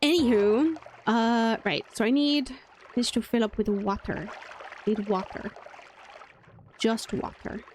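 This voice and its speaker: A woman's voice: on the high side, slow pace, pauses often, slight background noise. A woman from Wales with a British accent, chatting playfully and rambling through live gameplay commentary as a streamer. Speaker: game streamer.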